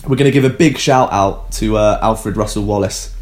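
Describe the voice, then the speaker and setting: Man, fairly low voice, casual podcast chat, joking, lots of fillers. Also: normal speed. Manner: relaxed, joking, many ums and restarts. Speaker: podcast co-host explaining science.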